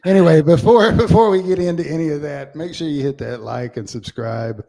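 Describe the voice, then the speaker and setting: A man co-hosting a sports podcast, chatting casually and telling stories with animated quoted voices. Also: fairly high pitch, a little fast. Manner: animated storyteller, acts out quotes. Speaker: podcast co-host. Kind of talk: casual sports chat, storytelling.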